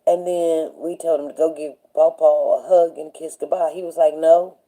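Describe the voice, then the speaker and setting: A middle-aged woman hosts a casual live talk show, rambling through stories and often asking viewers "you know what I'm saying." Her voice is low, mellow and steady at a moderate pace, though the audio is poor.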